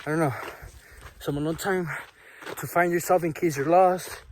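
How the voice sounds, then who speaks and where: Young male vlogger, slangy, winded on a trail, slightly high voice, faint outdoor hiss, handheld camera. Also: steady tone, moderate pace. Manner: upbeat, slangy, talks to viewers. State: out of breath. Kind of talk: casual hiking vlog.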